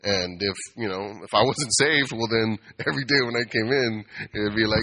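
Man, casual sermon, bright voice, conversational, playful. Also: on the low side, normal speed, few pauses. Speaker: preacher.

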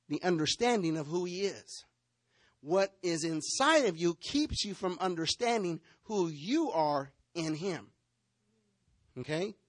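A male pastor delivers a sermon in an animated way, slipping into role-play to act out members of his congregation. His voice is high-pitched, with no echo.

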